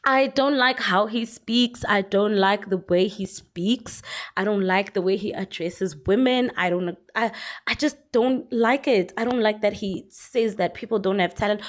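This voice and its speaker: A young South African woman giving frank, chatty commentary on a vlog. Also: mid-range voice. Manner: chatty, frank, lots of fillers and laughs. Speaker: YouTuber commentator.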